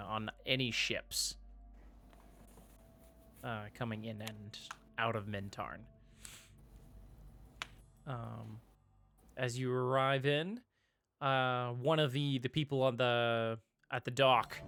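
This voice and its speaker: A man's voice: medium pitch, fairly bright tone. A man narrating as game master of a tabletop game, hesitant with many restarts.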